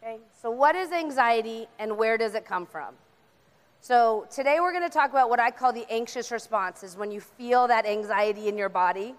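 A young woman giving an animated faith-based talk on anxiety, acting out little voices as she explains. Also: a little high, normal speed. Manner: animated, acts out voices of God and the brain. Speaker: speaker. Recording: reverberant hall.

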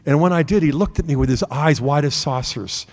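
A man's voice: a little high, fairly quick. A middle-aged man giving a sermon-style talk, telling a family story in an earnest way and acting out the dialogue. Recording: long hall reverb.

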